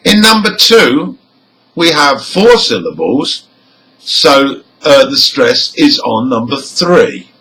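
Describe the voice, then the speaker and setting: Slow, deliberate male English teacher. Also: medium pitch, very animated, bright, forceful tone, slight background noise, rough recording. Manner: reads example words one by one with stress clearly marked; nods his head up on stressed syllables. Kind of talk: slow, deliberate pronunciation lesson.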